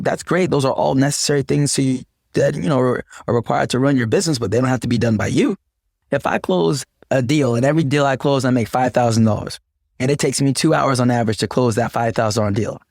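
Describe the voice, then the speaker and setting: A man's voice: mid-range voice, quick pace, creaky, darkish tone, no room sound, clean studio sound. A man guest on a podcast, preaching sales process with emphatic motivational sayings. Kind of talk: podcast conversation.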